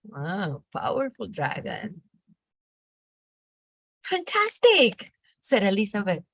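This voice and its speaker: Colombian woman teacher, storybook read-aloud, slow, husky, close and dry. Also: mid-range voice, no room sound. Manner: expressive, animated read-aloud with acted character lines. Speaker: teacher leading a reading workshop. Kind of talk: reading a storybook aloud to a class.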